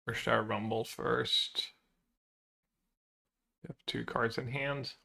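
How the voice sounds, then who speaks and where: A man's voice: mid-range voice, fairly even intonation, slow, creaky, bright, forceful tone. A man streaming a card game, thinking aloud about his plays and chatting with viewers in a casual, muttering way. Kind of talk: casual stream commentary while playing.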